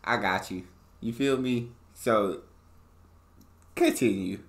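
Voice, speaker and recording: A man's voice: on the low side, slow, slight background noise. A man hosting a reaction video, chatting casually and laid-back, laughing often.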